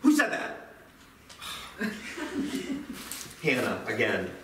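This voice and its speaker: A man teaching high schoolers in a classroom, chatty and self-deprecating, with lively jokes. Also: extremely slow, noisy background. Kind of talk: classroom lecture. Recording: roomy, distant classroom mic.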